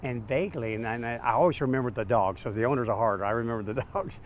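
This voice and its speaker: A man, a dog trainer, telling stories in an interview, animated and acting out quotes. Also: medium pitch, fast, slight background noise. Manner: animated, acts out quotes with laughs. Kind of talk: storytelling interview answers.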